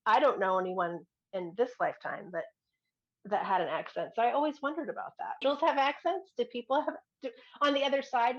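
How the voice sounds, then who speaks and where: Earnest woman guest on a dull call line. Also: medium pitch. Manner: earnest, rambling, with frequent restarts and giggles. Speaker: guest, client. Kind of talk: casual chat, telling a personal story.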